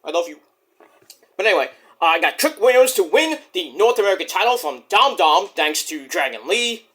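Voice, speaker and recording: Young man, higher voice, animated delivery, casual profane chat. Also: brisk. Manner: loose and profane, does voices of wrestlers. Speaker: wrestling predictions vlogger.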